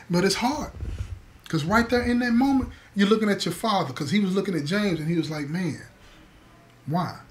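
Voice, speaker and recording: A man telling a story to listeners, emphatic, repeating key words and calling them "y'all". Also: high-pitched. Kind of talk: spoken storytelling to an audience.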